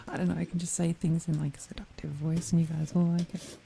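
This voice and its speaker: Woman, whispered role-play, low, mellow, playful and giggly, faint background hiss. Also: little pitch movement, fast, gravelly, poor audio. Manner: playful, soft-spoken, giggly, chatting with viewers. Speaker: streamer.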